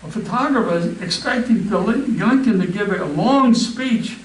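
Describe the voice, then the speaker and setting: A man giving a slow, deliberate reading of a famous speech and then a history talk, stumbling and restarting now and then. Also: high-pitched, animated. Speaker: history club speaker. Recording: roomy, distant mic with faint background ambience.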